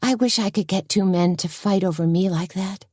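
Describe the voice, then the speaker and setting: A woman's voice: moderate pace, darkish tone, slightly rough, no room sound, studio quality, lightly acted. Woman doing a sassy, breezy waitress friend. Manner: breezy, joking, higher voice.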